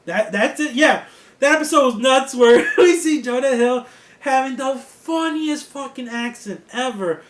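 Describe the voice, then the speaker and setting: A man giving a casual, excitable review of a TV series, laughing often and swearing freely. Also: very high voice, a little slow, echoey room. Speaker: TV show reviewer.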